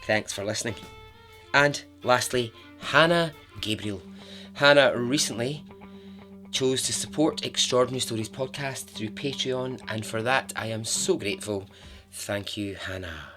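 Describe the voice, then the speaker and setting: A man hosting a podcast, telling a true story in a chatty, expressive way with frequent asides to the listener. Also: mid-range voice, a little slow, over music. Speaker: podcast host.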